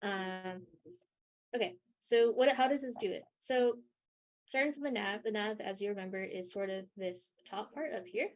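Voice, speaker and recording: A young woman leading a live coding workshop, talking through her screen with many ums and pauses, her voice a little worn. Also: mid-range voice. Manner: hesitant, many ums and sort ofs. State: losing her voice a bit. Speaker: workshop instructor.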